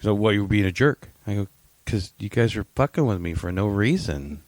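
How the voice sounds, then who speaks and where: A man's voice: fairly low pitch, lively intonation, brisk, darkish tone, no room sound. A man co-hosting a podcast in casual chat, crude and jokingly over the top, swearing heavily. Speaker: podcast co-host.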